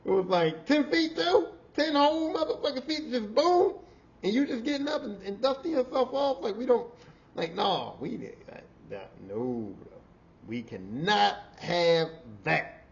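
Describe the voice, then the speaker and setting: A man hosting a podcast, telling a work story in a casual, animated, profane way and often repeating himself. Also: high-pitched, unhurried, gravelly, muffled recording. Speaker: podcast host.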